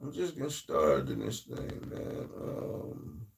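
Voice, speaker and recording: A man with a Southern US accent hosting a casual livestream, talking in a loose, rambling way that swings between loud and quiet. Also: medium pitch, wildly swooping pitch, takes it slowly, vocal fry, recorded from a distance. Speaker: livestream host.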